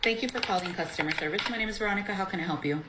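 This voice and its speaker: A woman's voice: medium pitch, very fast, echoey room, noisy background, lightly acted. Veronica, a woman voicing a sassy call-center agent. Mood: polite. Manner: blunt, mocking, unbothered. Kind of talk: cartoon voice acting.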